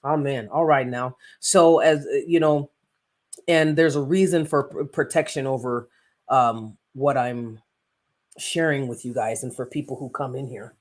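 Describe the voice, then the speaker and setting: A man's voice: medium pitch, fairly even intonation, measured pace. A man hosting a casual live stream as a coach, rambling and preachy with self-interruptions, who recites psalms aloud.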